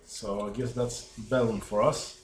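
A man's voice: fairly low pitch, fairly even intonation, a little slow. A man casually playing a tabletop game, chatty and upbeat. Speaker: player. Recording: roomy room with faint hiss.

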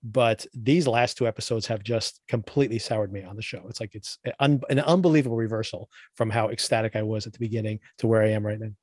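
A man hosting a podcast, ranting about a TV show in animated casual chat and mimicking characters in quick asides. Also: lowish voice, dry recording, studio quality. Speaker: podcast host.

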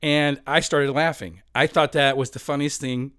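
A man's voice: medium pitch, fairly even intonation, moderate pace, a bit bright, no room sound, studio quality. A man in his fifties telling a long personal story in a rambling, self-mocking way, often laughing as he talks.

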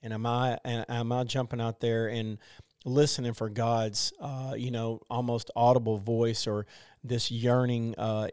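Guy in his 40s, lots of ums and restarts, smooth clear voice, dry close sound. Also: mid-range voice, a little mellow, no echo. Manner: halting, many fillers and restarts. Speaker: group discussion member. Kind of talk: casual faith discussion.

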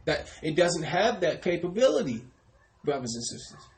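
Man, preacher, sermon delivery, a little high-pitched, repeats his phrases. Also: sing-song, moderate pace, rough recording. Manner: addresses "brothers and sisters" constantly, directs a reader.

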